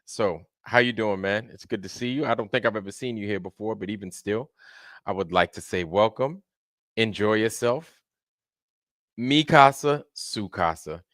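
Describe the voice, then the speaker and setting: A man's voice: on the low side, moderate pace, a bit bright, no echo, clean studio sound. A man hosting a casual livestream, greeting viewers one by one in a laid-back way. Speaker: livestream host.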